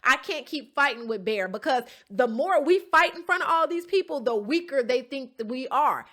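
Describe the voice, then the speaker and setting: Woman, fairly high, bright and forceful voice, emphatic storyteller who keeps checking in with her listeners. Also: expressive, moderate pace. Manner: swears casually, storytelling tone. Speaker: reality show contestant recapping an episode. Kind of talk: casual recap to camera.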